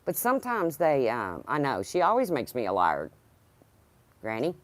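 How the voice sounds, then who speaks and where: Low-voiced woman, lively pitch. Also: moderate pace, no echo. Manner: rambling, talks to her dog. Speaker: livestream host. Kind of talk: casual livestream chat.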